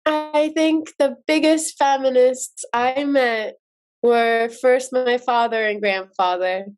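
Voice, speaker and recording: A woman in her forties from Iran, a podcast guest telling her childhood stories slowly and vividly. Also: sits high, steady tone, clear, resonant tone. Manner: slow, vivid storytelling. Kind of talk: storytelling interview.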